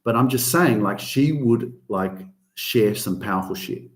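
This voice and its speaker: A man's voice: mid-range voice, expressive, measured pace. A man hosting a casual motivational podcast, talking emphatically, swearing often and pushing his voice up on key points. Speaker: podcast host. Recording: roomy echo.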